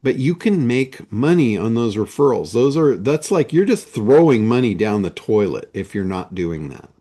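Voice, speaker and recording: A man's voice: mid-range voice, big pitch swings, dark tone. A man giving a motivational talk as a business coach, stressing points with rhetorical questions. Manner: slow, emphatic, with rhetorical questions. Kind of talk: motivational monologue.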